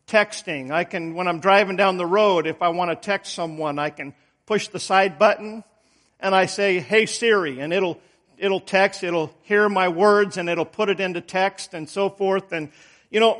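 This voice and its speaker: A man's voice: high-pitched, fairly bright tone. A middle-aged male preacher giving a sermon, telling homey stories and stressing words with emphatic rises. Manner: folksy storytelling, emphatic rises.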